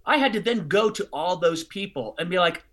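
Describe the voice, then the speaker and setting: A middle-aged man telling a personal story in conversation, expressive and bursting into loud excited outbursts. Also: high-pitched, a little fast. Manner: expressive, swings into loud excited outbursts when acting out scenes. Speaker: guest, charity fundraising speaker.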